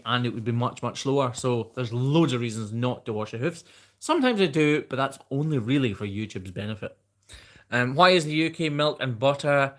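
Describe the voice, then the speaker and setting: A man's voice: mid-range voice, a bit bright. Chatty man with a mild Scottish accent. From Scotland. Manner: chatty, reading viewer questions aloud and answering off the cuff. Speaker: host. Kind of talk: live Q&A stream.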